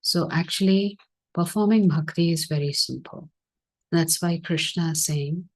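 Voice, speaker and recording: A woman teaching scripture through a story, acting out the dialogue in an earnest, gentle way during an online session. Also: on the low side, measured pace. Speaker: spiritual teacher.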